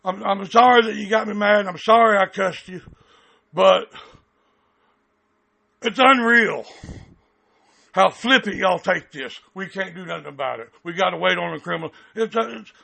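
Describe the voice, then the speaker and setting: A man argues over a phone line, blunt and heated, tripping over repeated words. His voice sits high with a gravelly edge and a bright, tense tone. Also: moderate pace, long pauses. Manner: angry, blunt, stammering repeats, cusses. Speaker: caller, activist recording his calls. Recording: phone call recording.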